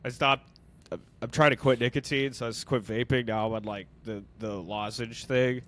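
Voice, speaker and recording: A young man co-hosting a podcast in casual comedic chat, joking and slipping into high, exaggerated voices when quoting people. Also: steady tone, normal speed, fairly bright tone. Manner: jokey, slips into exaggerated high voices for quotes. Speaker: podcast co-host.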